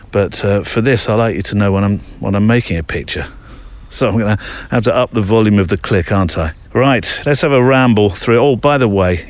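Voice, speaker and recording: A middle-aged man hosting a podcast alone, talking casually and rambling with frequent restarts while out on a walk among trees. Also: lowish voice. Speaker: podcast host. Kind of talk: casual solo podcast monologue.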